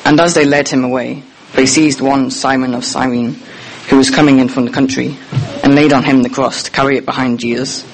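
A man reads scripture in a church in a very flat, steady voice. Faint room noise can be heard behind him. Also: mid-range voice, brisk, gravelly, low-quality recording. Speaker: Bible reader. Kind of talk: reading scripture aloud.

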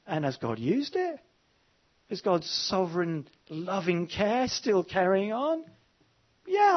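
A man's voice: a little high, husky. A man preaches a sermon in a slightly raised voice, pressing his points with repetition and stopping for fillers. The recording is dull and lo-fi, like a church tape. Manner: emphatic, repeats words, many fillers. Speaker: pastor. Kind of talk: evening sermon.

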